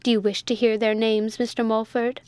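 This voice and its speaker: A woman's voice: fairly high pitch, little pitch movement, moderate pace, a little mellow, clear, resonant tone, no room sound, natural voice. A woman reading a story aloud, voicing a chatty, proud, weak-minded elderly widow in a prim, earnest, rambling way.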